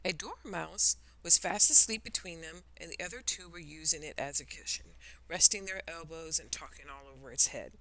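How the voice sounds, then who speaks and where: A woman narrating a children's story in an expressive storytelling style. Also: low voice, moderate pace.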